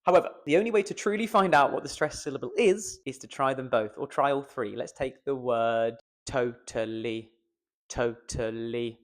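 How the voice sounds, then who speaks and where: A man's voice: mid-range voice, a little fast, hardly any pauses. A man, a voice coach giving a playful, self-mocking pronunciation lesson to camera and stretching out the stressed syllables.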